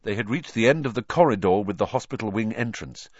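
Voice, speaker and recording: A man narrating an audiobook in a lively, dramatic reading style, putting on character voices. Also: on the low side, fast, no echo, highs cut off.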